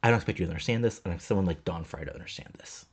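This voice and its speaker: A man's voice: low-pitched, slightly rough. A man doing a solemn, menacing cult-leader wrestler. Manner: slow, solemn, preachy.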